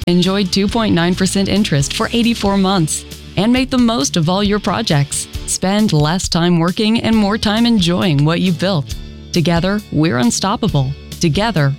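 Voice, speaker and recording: A narrator reading a commercial in a smooth, upbeat voice-over style. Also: mid-range voice, moderate pace, faint music behind.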